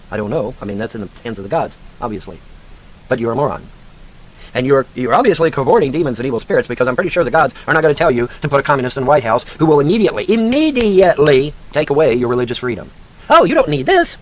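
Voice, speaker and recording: Profane ranting man, wildly swinging pitch. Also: expressive, quick pace. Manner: profane, mocking, shouting insults at a named woman; sarcastic, lecturing like a teacher. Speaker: online commentator. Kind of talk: angry rant.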